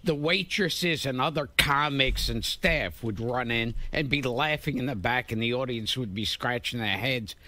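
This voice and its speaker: A man, a comic, telling a story in an interview in a lively, sing-song way. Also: medium pitch, normal speed, hardly any pauses, no room sound. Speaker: stand-up comic.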